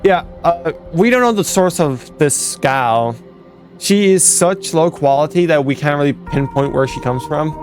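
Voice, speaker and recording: A man's voice: fairly high pitch, animated, measured pace. Rambling young man over faint music. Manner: rambling, self-correcting, laughs at own jokes. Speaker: fan game developer. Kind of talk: casual commentary over gameplay footage.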